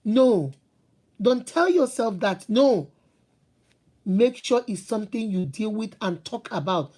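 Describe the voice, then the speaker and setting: A woman's voice: fairly high pitch, measured pace, mellow. A middle-aged woman hosting a talk on relationships, telling stories with emphatic repetition and rhetorical questions. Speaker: host giving relationship advice. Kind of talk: casual advice talk to viewers.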